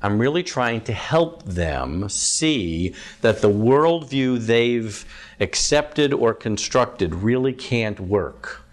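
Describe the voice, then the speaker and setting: A man's voice: mid-range voice, animated, slow. A man teaching a live group about evangelism as a campus minister, chatty, asking the audience questions, with frequent ums.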